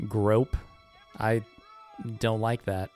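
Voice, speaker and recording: A man with a lowish, darkish voice speaks very slowly and in a level tone, with faint music behind him. While speedrunning a game, he chats casually with his live-stream chat, joking sarcastically and swearing freely.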